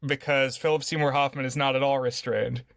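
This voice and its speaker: A man's voice: medium pitch, level tone, fairly quick, gravelly, fairly bright tone, no room sound, clean studio sound. A man co-hosting a podcast, casually discussing a movie in an easygoing way, often laughing as he talks. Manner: easygoing, laughs while talking. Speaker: podcast co-host.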